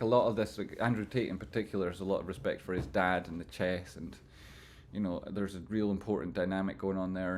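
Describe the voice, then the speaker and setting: A Scottish man hosting a casual livestream, reading chat aloud, swearing freely and swinging between loud jokey outbursts and soft sincere asides. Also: fairly low pitch. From Scotland.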